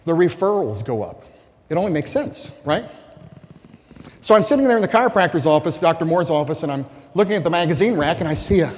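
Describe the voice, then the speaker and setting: Male keynote speaker, fairly high voice, punchy and rhetorical, reverberant hall. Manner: animated, rhetorical, asks the audience questions. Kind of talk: conference keynote speech. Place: conference hall. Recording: long reverb of a large hall.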